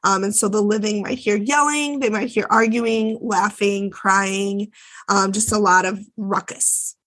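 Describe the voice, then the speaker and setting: A woman's voice: mid-range voice, fairly even intonation, a little slow, a bit bright. A woman co-hosting a podcast, recapping a TV episode in casual, chatty talk with plenty of fillers and swearing. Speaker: podcast co-host.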